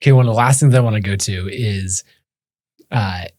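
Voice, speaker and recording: A man's voice: on the low side, normal speed, a little mellow, dry recording, clean studio sound. A male podcast host asking a loose, rambling question full of fillers. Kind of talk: interview questions.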